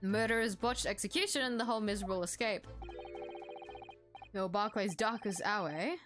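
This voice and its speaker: A woman voicing a gruff middle-aged male prison governor in a blustering put-on Scottish accent, reading game dialogue over background music. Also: mid-range voice, normal speed, close to an everyday voice. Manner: blustering, rolled dialect words.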